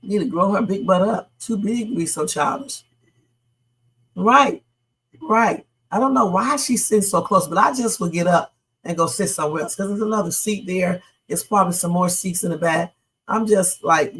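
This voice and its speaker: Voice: mid-range voice, normal speed, fairly bright tone. A livestream host giving blunt, profane reaction commentary and talking straight to the viewers.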